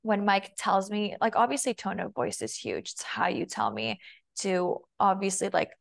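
A woman's voice: mid-range voice, very animated, normal speed, creaky. A young woman talking casually as a podcast guest, chatty and full of "like", acting out her own and her partner's lines. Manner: chatty, heavy use of "like", quotes herself and her partner. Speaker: guest, femininity and body language coach.

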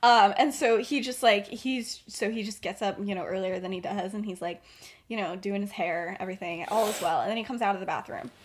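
A woman's voice: medium pitch, brisk, background noise. A young woman co-hosting a podcast, casually retelling a fan story in a rambling, giggly way with lots of fillers. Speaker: podcast co-host.

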